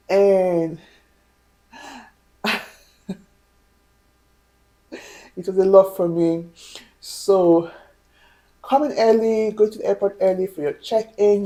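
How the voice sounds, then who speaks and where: Mellow woman giving casual advice. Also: mid-range voice, rough recording. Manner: chatty, asks the viewer "right?" and "you know?", fills pauses with "um". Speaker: vlogger.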